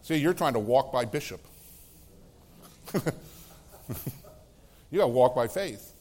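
A middle-aged man, a pastor, preaching a sermon in a conversational way, laughing between phrases and swinging from loud exclamations to hushed, soft tones. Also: mid-range voice, animated, takes it slowly.

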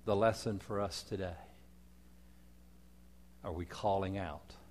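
A man preaching a sermon, telling stories dramatically, swinging from loud declarations to soft asides. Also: low voice, fairly even intonation, takes it slowly. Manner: dramatic storytelling with wide swings in loudness. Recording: long hall reverb.

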